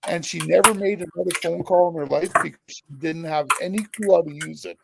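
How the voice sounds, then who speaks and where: A man from Quebec chatting casually on a livestream with dry, deadpan humor. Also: high voice, fast, creaky, heavy background noise. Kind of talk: casual chat.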